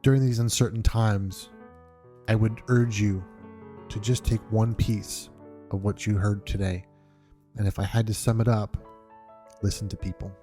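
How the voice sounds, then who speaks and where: A man's voice: lowish voice, level tone, normal speed, pauses often, dark tone, faint music behind. A man from New York hosting a podcast, talking earnestly and reflectively in an unscripted monologue, often restarting his sentences. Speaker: podcast host.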